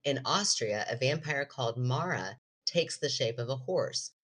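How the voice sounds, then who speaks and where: A woman's voice: very deep voice, animated, measured pace, fairly bright tone. A woman co-hosting a podcast in casual chat, playfully teasing and reading aloud from a book. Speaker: podcast co-host.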